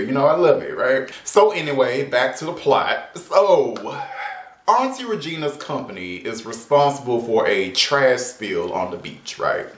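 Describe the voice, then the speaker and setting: A man casually reviewing a TV episode, sarcastic and exasperated. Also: mid-range voice. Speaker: TV show reviewer. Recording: roomy echo.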